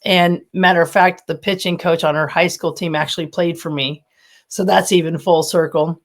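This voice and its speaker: A woman in her fifties, a former college softball coach, telling stories with animation and frequent laughter as a podcast guest. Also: fairly low pitch, moderate pace. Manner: animated storytelling, laughs often. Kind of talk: casual podcast interview.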